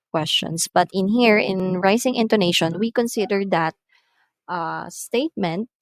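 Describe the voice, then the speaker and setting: A woman's voice: lowish voice, no echo. A woman teaching an English lesson, explaining patiently and exaggerating rising and falling tones in her example sentences. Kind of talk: slow scripted lesson reading examples.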